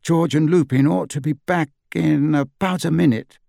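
A man voicing a brisk, matter-of-fact teenage girl. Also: fairly high pitch, fairly even intonation, gravelly, mellow, no room sound, clean studio sound, pitched above the performer's own voice.

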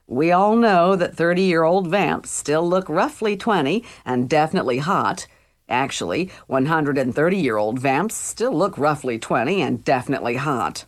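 A woman's voice: deep voice, expressive, moderate pace. A woman voicing a chatty, theatrical teen boy friend in an audiobook, with a gushing, teasing delivery. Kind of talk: audiobook character voice.

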